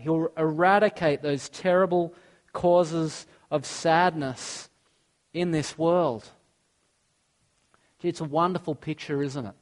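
A man's voice: on the high side, slow, pauses often. A man, preaching a sermon earnestly and mixing in personal stories. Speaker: pastor.

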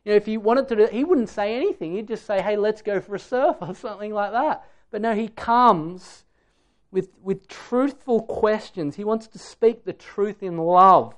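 A man preaching a sermon in an earnest, emphatic way, putting direct questions to his listeners. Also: high-pitched.

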